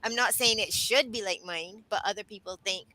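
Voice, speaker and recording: Bright-voiced woman hosting a chat. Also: mid-range voice, moderate pace, no echo, poor audio. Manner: warm, earnest, repeats herself, talks to guest by title. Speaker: host. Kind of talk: casual conversation.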